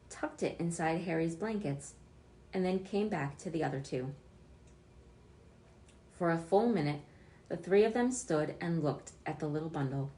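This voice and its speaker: A woman reading a children's book aloud, expressive, with small slips she corrects. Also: on the low side, roomy sound. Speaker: storyteller.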